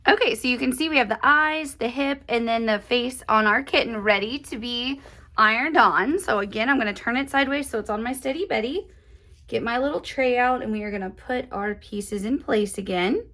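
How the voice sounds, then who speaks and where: A woman with a lilt walks through a craft lesson in a friendly, chatty way. Her voice sits a little high, and she gushes and laughs easily over each finished step, like a host talking straight to her club members. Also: moderate pace, bright, forceful tone. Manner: cheerful and gushing, laughs often. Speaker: embroidery tutorial host.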